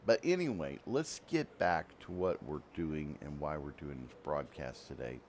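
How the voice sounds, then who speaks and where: A man's voice: extremely low pitch, lively intonation, a little slow, a little mellow, slight background noise. A man hosting a radio program, telling a long story in a rambling, self-interrupting way. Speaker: radio program host and writer. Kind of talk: casual storytelling monologue.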